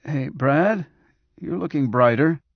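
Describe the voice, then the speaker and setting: A frail cyborg man in a hospital bed, voiced by a male narrator, speaking in a reedy, strained whisper, higher than the reader's own voice. He talks slowly and hesitantly, with a faint resentful edge. The recording is dry and a little dull. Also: vocal fry, husky, no echo, exaggerated voice. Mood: weak.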